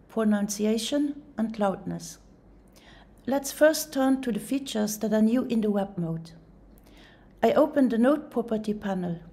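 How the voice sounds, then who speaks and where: A woman explains a music software tutorial in a calm, step-by-step voice-over. Her voice sits a little high but sounds soft and mellow.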